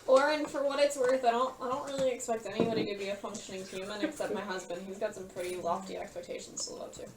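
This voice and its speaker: A woman's voice: medium pitch, fairly even intonation, fast, far from the mic, over a noisy crowd. A woman playing in a tabletop game, making wry, joking remarks. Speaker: player. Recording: echoey room with clear noise.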